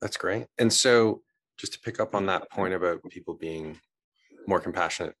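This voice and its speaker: A man's voice: low-pitched, moderate pace, a bit bright, no echo. A man hosting an interview, asking thoughtful questions that he frames with careful hedges. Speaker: interviewer, host.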